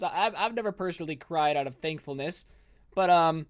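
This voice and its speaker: A young man in his twenties tells a story with dry sarcasm and exasperation. His voice sits a little high for a man. He talks casually, as in a storytime vlog. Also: a little fast.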